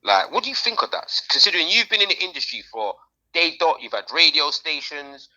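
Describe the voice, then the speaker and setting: A man, co-hosting a podcast in casual, slangy, animated chat. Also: a little high, brisk, muffled recording. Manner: animated, slangy, talks over others. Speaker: podcast co-host.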